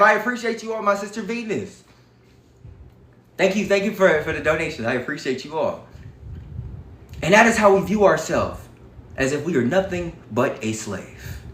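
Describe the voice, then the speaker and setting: A man with a high voice gives a fired-up livestream lecture, hammering his points home through repetition and swearing. His voice rings around a roomy, echoing space. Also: animated, moderate pace, long pauses, a bit bright. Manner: emphatic, profane, repetitive. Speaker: livestream speaker on history.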